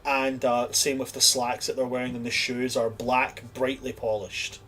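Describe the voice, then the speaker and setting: A man's voice: medium pitch, flat delivery, moderate pace, a bit bright, distant mic. A man narrating as game master of a tabletop game, rambling with many fillers.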